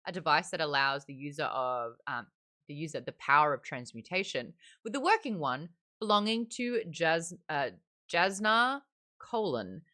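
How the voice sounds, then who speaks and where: A woman hosting a casual book club discussion, chatty and animated, laughing often. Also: on the low side.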